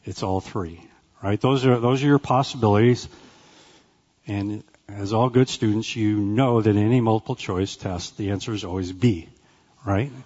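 A man teaching a Bible class in a conversational way, often checking in with "right?" and "okay?" and pausing with "uh" between phrases. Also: lowish voice, darkish tone, lo-fi sound.

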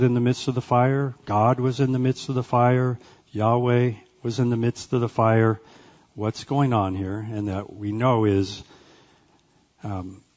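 Male Bible teacher, lowish voice, chatty delivery with frequent check-ins, slightly muffled recording. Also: a little mellow. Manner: conversational, often checks in with "right?" and "okay?"; pauses with "uh" between phrases.

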